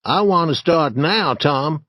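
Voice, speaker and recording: A timid, superstitious young boy, as a man puts him on for an audiobook. He speaks slowly and nervously, a little above a plain male voice. The recording is dry and close. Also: a little high, expressive, fairly bright tone, dry recording, voice pushed up, heavily acted. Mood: hesitant. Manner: hesitant, nervous.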